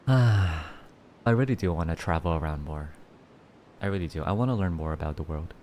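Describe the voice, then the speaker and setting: Giggly low-voiced man thanking his stream. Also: animated, normal speed, pauses often, warm tone, a little hiss or hum. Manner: giggly, thanks donors with playful rawrs; rambling with many restarts. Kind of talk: casual livestream chat.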